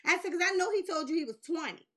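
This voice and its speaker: A woman in her forties telling a long story in casual chat, animated and swearing, laughing as she goes and jumping high when she quotes people. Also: quick pace. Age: 40s. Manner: jumps high in pitch when quoting people. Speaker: podcast host.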